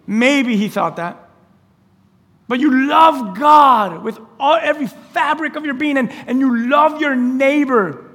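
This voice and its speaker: A man preaching a lively, conversational sermon as pastor, acting out quoted lines and laughing along the way. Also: very high-pitched, takes it slowly. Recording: church hall with long reverb.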